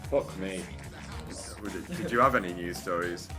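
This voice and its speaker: Young man, low voice, casual banter, faint music behind. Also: normal speed. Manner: swearing, laid-back banter. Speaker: podcast co-host. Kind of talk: casual chat. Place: attic room.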